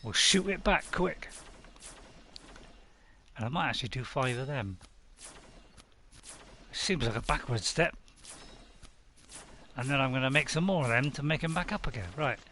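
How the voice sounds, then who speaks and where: A man's voice: medium pitch, lively intonation, moderate pace, pauses often, pushed and bright, a little hiss or hum. A man chatting casually to viewers while playing a survival game live, rambling and poking fun at himself. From United Kingdom. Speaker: game streamer. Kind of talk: casual live-stream commentary.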